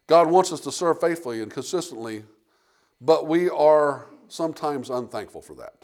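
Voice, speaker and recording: A man preaching a sermon with emphatic delivery, reading scripture aloud and swinging between loud and quiet passages. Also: on the high side, expressive, moderate pace. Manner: emphatic preaching, rising and falling in volume, reads scripture aloud.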